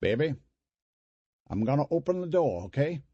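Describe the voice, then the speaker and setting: A man doing a gruff, protective uncle. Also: fairly high pitch, sing-song, normal speed, warm tone, no room sound, lo-fi sound, pitched above the performer's own voice. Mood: urgent. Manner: urgent, then soothing.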